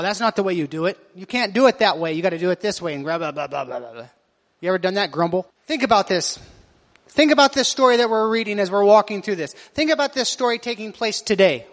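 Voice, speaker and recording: A male pastor with a very high voice delivers a sermon. He keeps putting questions to his congregation, and his words ring out through a church hall with a long reverb. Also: a bit bright. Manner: asks the congregation rhetorical questions.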